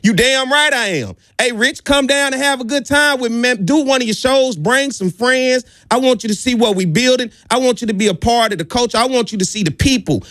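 A man's voice: extremely high pitch, a bit bright, no echo, clean studio sound. A man hosting a sports show, delivering an impassioned, emphatic monologue with lots of repetition.

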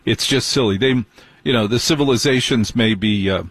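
Husky man musing on air. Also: mid-range voice, a bit bright, dry recording. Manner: musing, speculative, unhurried. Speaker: radio show host. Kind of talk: casual radio talk.

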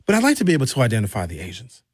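A man with a Wisconsin accent hosting a radio talk show from a studio mic, telling stories in a joking, animated way. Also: mid-range voice, very fast, husky, dry recording. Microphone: studio microphone.

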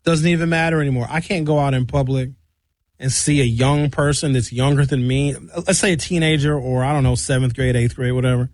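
A man's voice: mid-range voice, a little fast, no room sound. Fifty-something man, dry close sound. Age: 50s. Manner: animated storytelling with shouted impressions. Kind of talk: casual monologue.

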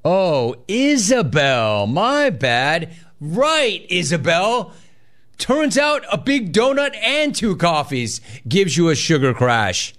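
A man hosting a sports talk radio show, reading listener chat aloud in energetic, quick bursts. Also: high voice.

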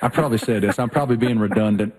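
A man's voice: on the low side, racing, darkish tone. Enthusiastic folksy man from the South. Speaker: sports radio co-host. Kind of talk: casual sports chat.

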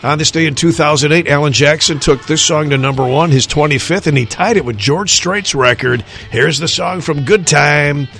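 A man's voice: on the high side, normal speed, gravelly, hardly any pauses, a bit bright, soft background music. Easygoing male radio host. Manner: easygoing, rambling, self-amused. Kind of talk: casual on-air banter.

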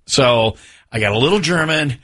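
Husky bright-voiced male host. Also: medium pitch, animated, moderate pace. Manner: talkative, jokey storyteller. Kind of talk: casual chat.

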